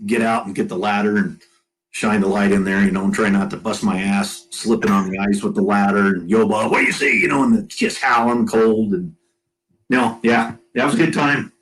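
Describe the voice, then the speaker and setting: A man guest on a casual podcast, telling a lively flight story and acting out the crew's dialogue. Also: lowish voice, normal speed, poor audio. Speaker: guest, former Marine aircrewman.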